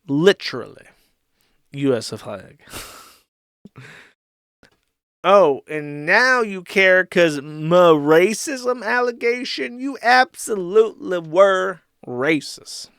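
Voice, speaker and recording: Guy doing a high whiny drunk dude ranting, super indignant. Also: unhurried, sharp tone, smooth, dry recording, studio quality, exaggerated voice. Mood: furious ranting. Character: outraged drunk man ranting at an airline.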